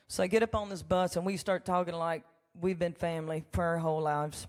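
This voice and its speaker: A woman, a country songwriter telling folksy, animated stories during a live church concert. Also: lowish voice, fast talker, few pauses. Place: church sanctuary. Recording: long hall reverb with faint music.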